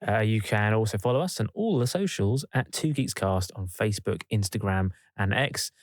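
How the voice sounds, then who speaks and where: A man's voice: lowish voice, animated, moderate pace, no room sound. A man co-hosting a podcast, casually reading out where to find the show and joking with his partner. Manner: easygoing, joking, plugs the show. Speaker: podcast co-host. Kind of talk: casual podcast outro chat.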